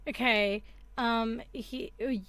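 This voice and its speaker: A woman's voice: a little high, fairly even intonation, takes it slowly, a bit bright, clean tone. A woman game master narrating a tabletop game, loose and laughing, with many fillers.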